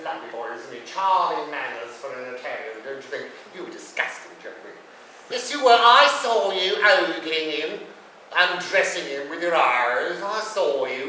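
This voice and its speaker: A man's voice: a little high, pushed and bright. An actor playing a camp, waspish older male comic raconteur in a live solo show, drawling and swooping theatrically. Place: drama studio, live for students. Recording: echoey room, mic far off, faint hiss.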